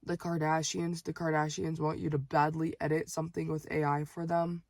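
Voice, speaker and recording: A woman's voice: sits low, flat delivery, normal speed, few pauses, darkish tone, no echo. A young woman chatting casually as she tells a story to her viewers, going off on exasperated, ranting asides. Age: young adult. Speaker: vlogger telling a story.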